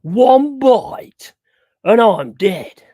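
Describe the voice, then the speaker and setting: A man doing a put-on Australian accent as an excitable wildlife showman full of daredevil bravado. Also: high-pitched, very slow, no room sound, studio quality, pitched above the performer's own voice, exaggerated voice. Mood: gleeful.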